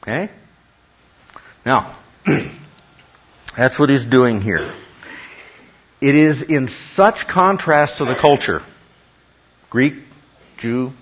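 Male preacher, husky and emphatic, dull lo-fi sound, asks "okay?" between points. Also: medium pitch. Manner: emphatic, with acted quotes and frequent "okay?". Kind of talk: sermon.

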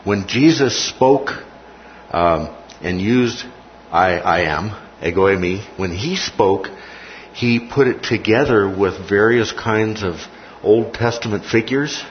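A man's voice: on the low side, takes it slowly. A man teaching a Bible class in a classroom lecture, often repeating key phrases and checking in with "okay?". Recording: muffled recording with faint noise.

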